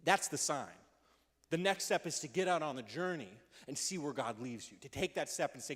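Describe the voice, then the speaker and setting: Energetic young pastor man in a reverberant hall. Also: fairly high pitch, moderate pace, slightly rough. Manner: energetic and conversational, acting out quotes in voices. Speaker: youth pastor. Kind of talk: casual youth sermon. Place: church hall. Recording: long reverb of a large hall.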